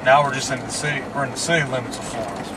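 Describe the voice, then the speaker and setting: Talking at a racing pace in a steady, mid-range voice, a Southern-accented vlog host from Mississippi chats and laughs a lot while driving. The mic is distant, and road and car noise fill the recording from inside the moving car.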